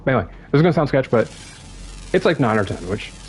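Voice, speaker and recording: Animated young man rambling a story. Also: medium pitch, fast talker, slight background noise, poor audio. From United States. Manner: rambling, animated, lots of fillers. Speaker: streamer. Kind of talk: casual storytelling on a stream.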